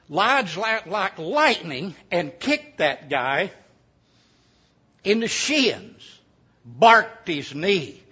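A man's voice: sits high, pushed and bright, husky. A man, preaching a sermon as a folksy, joking storyteller. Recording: dull lo-fi sound.

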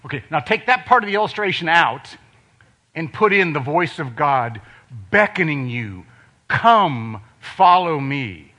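Bright-voiced older man preaching a sermon. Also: a little high, expressive, moderate pace. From Ohio, USA. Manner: conversational preaching with sudden drops to quiet emphasis.

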